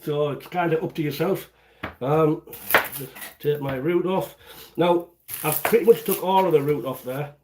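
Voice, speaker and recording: A man with a slightly high voice, speaking at normal speed over heavy noise, hosts a casual home cooking livestream from his kitchen. He chats as he goes, explaining each step in a rambling way.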